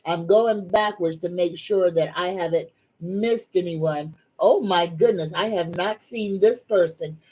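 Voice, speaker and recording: A middle-aged woman hosts a casual livestream, speaking very slowly. She greets viewers in a folksy, drawn-out way and addresses them as a group. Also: on the low side, mellow, low-quality recording. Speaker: psychic livestream host. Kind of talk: casual live-stream chat.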